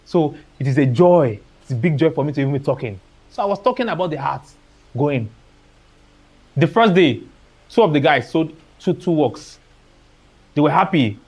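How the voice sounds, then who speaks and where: A man's voice: medium pitch, lively intonation, normal speed. A man with a Nigerian accent giving a motivational seminar talk as an artist, telling stories and slipping into Pidgin phrases. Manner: storytelling, acting out dialogue, dropping into Pidgin phrases.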